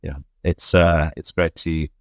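South African fund manager, dry close sound. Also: male voice, deep voice, level tone, normal speed, no echo. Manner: rambling, self-correcting, laughs easily. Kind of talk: conversational interview.

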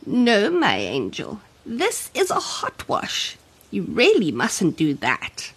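A woman voicing a caring but firm old grandmother in a children's story, speaking slowly and scolding gently. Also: mid-range voice, wildly swooping pitch, slightly rough, heavily acted. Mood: gentle.

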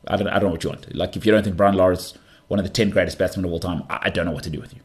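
A man from South Africa hosting a casual monologue, animated and full of banter, often restarting his sentences. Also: low-pitched, racing. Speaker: podcast host.

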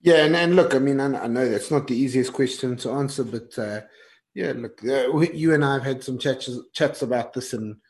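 A man from South Africa hosts a casual interview, framing his questions in a loose, conversational way. He hesitates often, filling gaps with "look" and "uh", in an ordinary middle-pitched voice. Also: normal speed, a little mellow. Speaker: interviewer, host.

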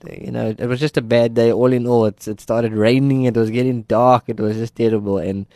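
South african guy telling his story, warm low-key voice, dry close sound. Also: steady tone, fairly quick, no room sound. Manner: earnest storytelling, voices the people he quotes. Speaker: guest sharing his testimony. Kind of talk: personal testimony in an interview.

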